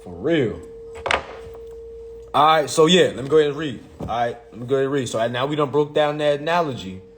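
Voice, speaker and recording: A man, talking in a profane, excitable casual monologue, reading legal text aloud and mocking it. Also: medium pitch, quick pace, noisy background. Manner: profane, excitable, laughs often, reads text aloud and mocks it. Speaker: commentator on consumer law.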